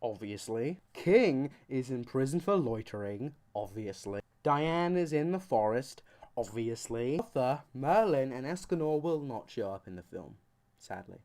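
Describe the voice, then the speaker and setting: A man's voice: medium pitch, sing-song, unhurried, a little mellow. A man giving a comedic anime commentary, rambling and joking with goofy asides. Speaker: YouTuber.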